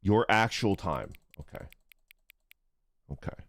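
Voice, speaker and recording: A man's voice: fairly low pitch, lively intonation, slow pace, dry recording. A man streaming a game, laughing a lot and getting flustered as he struggles to read German menus. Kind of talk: casual gameplay livestream.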